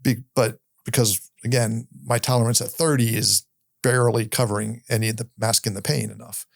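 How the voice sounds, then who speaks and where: A middle-aged man, a podcast guest, telling a personal story in a candid, halting way, often restarting and repeating his words. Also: mid-range voice, little pitch movement, vocal fry, no echo, clean studio sound. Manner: candid, occasionally swears.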